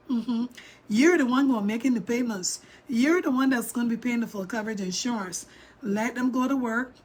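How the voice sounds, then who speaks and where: Speaking directly to her audience, a middle-aged woman who vlogs shares a story with lively emphasis. Her voice is slightly high for a woman, and she leans heavily on her points throughout.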